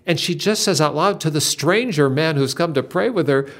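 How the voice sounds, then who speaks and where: A man's voice: a little high, animated, normal speed, few pauses, fairly bright tone. An older man hosting a Christian talk, earnestly retelling a story with dramatic emphasis. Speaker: Christian podcast host.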